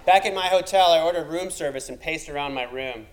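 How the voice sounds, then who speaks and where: A man's voice: a little high, fairly quick, poor audio. Wry male comic storyteller. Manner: wry, self-deprecating, building to punchlines.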